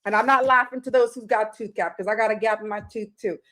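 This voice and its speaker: A woman's voice: a little high, fairly even intonation, quick pace, a bit bright. A woman reading tarot on a casual live stream, chatty and rambling, greeting viewers by name and laughing at her own slips.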